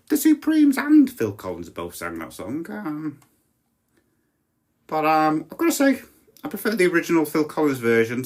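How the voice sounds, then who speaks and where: Lively deadpan woman podcaster. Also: low voice. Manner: deadpan, mock-pompous storytelling. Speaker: podcast host. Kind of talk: comic monologue. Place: home podcast studio.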